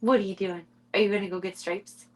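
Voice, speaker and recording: A woman's voice: medium pitch, steady tone, brisk. A young woman streamer chatting casually and cooing in baby talk at her kittens, often giggling. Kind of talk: casual chat with her cats.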